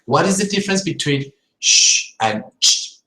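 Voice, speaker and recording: A man's voice: on the high side, animated, moderate pace, pushed and bright. A male English teacher gives a live-streamed pronunciation lesson. He repeats sounds and words to demonstrate them and keeps checking in with his viewers. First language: Spanish. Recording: roomy echoey room.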